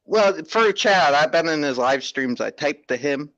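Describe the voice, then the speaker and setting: This is a man hosting his stream, with a fairly high voice and a laid-back, joking drawl. The audio is dull and lo-fi. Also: lively intonation, a little slow, fairly bright tone. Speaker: streamer host. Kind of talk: casual stream chat.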